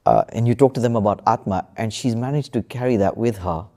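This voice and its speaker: A man's voice: lowish voice, a little fast, mellow. A man telling a true story as a podcast guest, hesitant, with many fillers and restarts. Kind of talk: casual storytelling in conversation.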